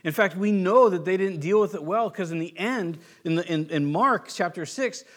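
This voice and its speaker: A man's voice: high voice, normal speed, a bit bright. An American man preaching a sermon, telling stories in a conversational way and often restarting his sentences. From United States. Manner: conversational storytelling with frequent restarts. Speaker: pastor.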